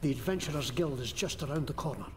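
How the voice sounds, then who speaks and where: An actor playing a cautious, awed male bard companion in a fantasy game, speaking in a hushed way. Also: fairly high pitch, fast talker, slight background noise, natural voice. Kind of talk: game dialogue.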